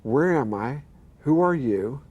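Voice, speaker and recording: A man's voice: medium pitch, animated, slow pace, a little mellow, slightly rough, lo-fi sound. An older man, a pastor, telling his own healing story earnestly, acting out the voices he quotes and stammering now and then. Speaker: pastor and guest. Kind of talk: telling a personal testimony.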